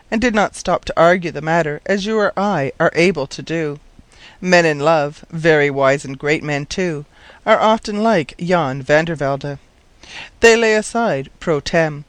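An audiobook narrator reads a storybook from a script, measured and wry, his voice a bit higher than most men's. The recording is dry and close, with no room sound at all.

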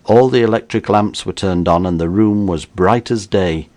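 A man reading an audiobook in a measured storytelling manner. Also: low-pitched, darkish tone. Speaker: narrator.

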